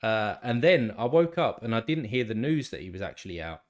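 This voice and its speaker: A congested man with a nasal, slightly tired voice that sits a little low. He hosts a laid-back live stream and rambles along, restarting his sentences and answering viewers by name. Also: very animated, brisk. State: congested, still a bit tired. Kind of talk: casual live stream chat.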